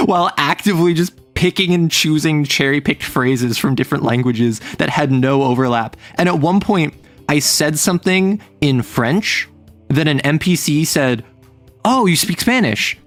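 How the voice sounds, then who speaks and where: A man streaming a casual chat, telling a rambling, animated story and laughing often. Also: on the high side, no room sound.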